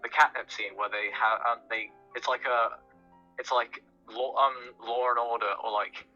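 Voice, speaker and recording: A man's voice: mid-range voice, fairly even intonation, moderate pace, bright, forceful tone, dull audio, faint music behind. A young man guesting on a podcast, chatting casually and hesitantly about films, often restarting his sentences.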